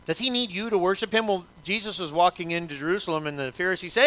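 A man's voice: high voice, quick pace, hardly any pauses, bright, forceful tone. A male pastor preaching a sermon in an emphatic, repetitive way, asking the congregation many rhetorical questions.

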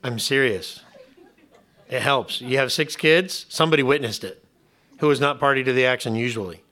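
A man's voice: medium pitch, normal speed, bright, forceful tone. A middle-aged man preaching a sermon in a conversational way, asking the audience rhetorical questions and acting out little scenes. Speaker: pastor.

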